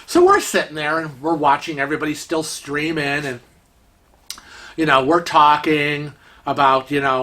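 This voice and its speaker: A man's voice: a little high, animated, normal speed, sharp tone. A man vlogger telling a story in a chatty, exasperated way, acting out the quotes. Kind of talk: casual storytelling.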